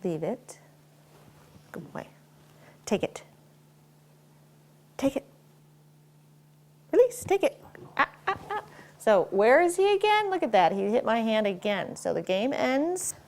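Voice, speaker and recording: Gravelly-voiced woman training a dog. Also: on the high side, big pitch swings, a little mellow. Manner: short firm commands mixed with quick praise; explains step by step while working. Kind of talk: hands-on dog training demonstration. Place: home, indoors.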